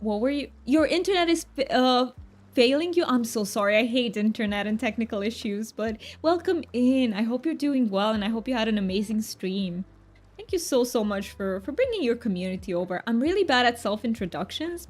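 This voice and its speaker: A woman from Romania, streaming a game and chatting with her viewers in a bubbly, giggly way. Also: medium pitch. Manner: bubbly and giggly, with frequent laughs and restarts. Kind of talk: casual live-stream chat, reading chat aloud.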